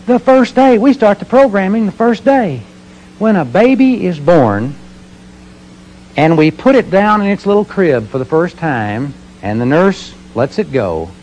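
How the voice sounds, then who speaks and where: A middle-aged motivational speaker with a fairly high, slightly mellow voice addresses an audience over poor audio with slight background noise. He tells stories earnestly and asks questions he then answers himself.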